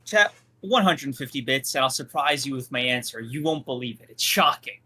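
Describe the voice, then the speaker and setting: A man's voice: mid-range voice, animated, moderate pace, pushed and bright, slightly rough. A man co-hosting a podcast in casual chat, teasing and joking with his co-host and the viewers.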